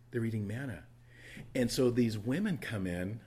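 With a husky, mid-range voice, a male pastor tells a Bible story from the pulpit. His sermon is lively, peppered with asides and brief impressions of the characters.

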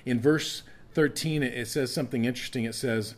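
A man's voice: mid-range voice, measured pace. A man teaching a Bible passage as a pastor in an evening sermon, earnest, with emphatic stresses and scripture read aloud.

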